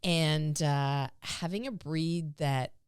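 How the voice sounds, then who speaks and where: A woman with a fairly low voice, talking casually as a dog training instructor on a podcast. She is chatty and animated, and the sound is close and dry with no room echo. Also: takes it slowly, clean tone. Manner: animated, acts out a puppy's voice with playful squeals.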